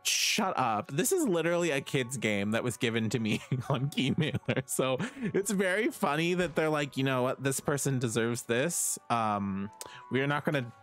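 Animated man chatting through a game stream. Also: medium pitch, normal speed. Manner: chatty and self-mocking, swears freely. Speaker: live streamer. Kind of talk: casual gameplay commentary, chatting with viewers. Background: faint game music.

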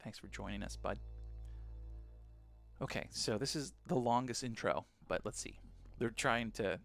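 A man hosting a live reaction stream on a broadcast headset, chatting casually and excitedly with viewers. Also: on the low side, a little slow, creaky, pauses often, faint music behind.

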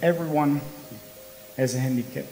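A Dutch man in his thirties gives an earnest, emphatic motivational talk at a conference hall, telling stories in English, his second language, with small slips and a Dutch accent. His voice is fairly high and dark-toned at a moderate pace. Big-room sound, faint background music, and poor audio mark the clip.

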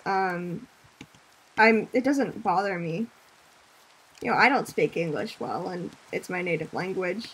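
A young woman streaming a game, chatting casually, reading chat aloud, laughing often and breaking into loud screams at enemies. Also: mid-range voice, slight background noise. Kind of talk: casual gaming commentary.

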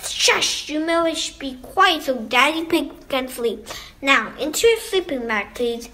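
A woman's voice: sits high, animated, unhurried, a bit bright. A woman reading aloud as a mother zebra, shushing and scolding the girls. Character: fussy mother zebra, grown woman, stern. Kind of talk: storybook voice acting.

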